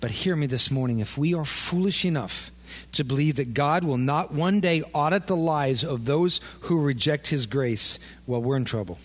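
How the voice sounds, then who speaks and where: A man preaching a sermon as pastor, animated and playing out imagined conversations with his listeners. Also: a little high, moderate pace. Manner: animated, acts out imagined dialogue. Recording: long echo of a large hall.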